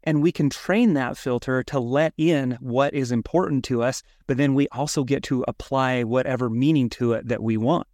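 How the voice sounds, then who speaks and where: Male podcast co-host, casual and animated, acts out his inner thoughts, dry studio sound. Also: medium pitch, moderate pace, few pauses, no echo.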